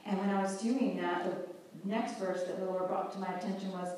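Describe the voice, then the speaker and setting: A woman's voice: medium pitch, steady tone, moderate pace, a little mellow. Homespun woman teaching in an echoey room. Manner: homespun, conversational, with fillers and restarts. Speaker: Bible teacher. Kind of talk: informal Bible teaching talk.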